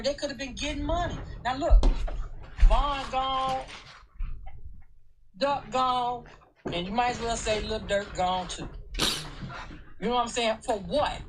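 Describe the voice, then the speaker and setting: Woman, phone-in guest on speaker, earnest run-on delivery, faint noise behind. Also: medium pitch. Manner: earnest, talks in long run-on stretches. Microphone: phone on speaker held to a mic.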